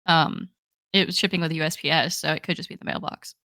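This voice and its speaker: Young female podcast co-host, bright and chatty, dry recording. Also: sits low, fairly even intonation, quick pace, dry recording. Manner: chatty, enthusiastic, many "like"s. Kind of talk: casual chat.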